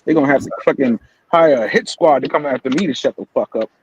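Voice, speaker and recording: A man's voice: medium pitch, fast, lo-fi sound, slight background noise. A man hosting a casual live-stream morning show, ranting heatedly and swearing often. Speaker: host.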